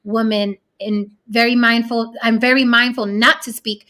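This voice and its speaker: Bright-voiced brash woman host. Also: on the high side, little pitch movement, moderate pace. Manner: brash, profane, bossy. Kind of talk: casual group chat.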